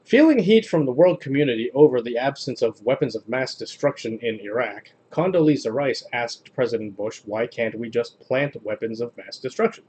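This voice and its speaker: Deadpan man reading jokes aloud. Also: medium pitch, moderate pace, hardly any pauses, husky. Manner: flat, deadpan delivery. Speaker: host reading jokes on video. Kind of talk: casual joke reading.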